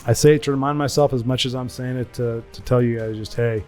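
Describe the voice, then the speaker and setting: A man's voice: mid-range voice, fairly even intonation, fast, darkish tone, faint music behind. A man hosting a gaming channel, chatting casually and rambling over his gameplay, correcting himself often and slipping into goofy voices when he quotes people. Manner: rambling, self-correcting, folksy asides.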